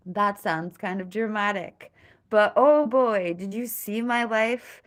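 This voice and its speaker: Streaming live, a young woman chats casually with her viewers in a mid-range, slightly bright voice, taking her time. She's giggly and rambling, often laughing at herself and pausing to thank people for gifts.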